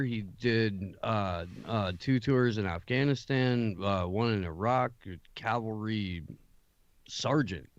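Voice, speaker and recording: A man's voice: mid-range voice, no room sound, dull audio. A man hosting a late-night talk show, rambling with many fillers and casual swearing. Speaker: podcast host.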